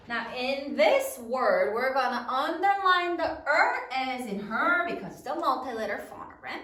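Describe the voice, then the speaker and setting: A woman teacher slowly walks a class through spelling, sounding out every letter and phonogram with care. Her voice sits high and swings widely in pitch. She is heard from some way off, in an echoing room. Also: lively intonation, bright, forceful tone, distant mic. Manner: slow, deliberate, sounds out phonograms. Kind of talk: spelling lesson dictation.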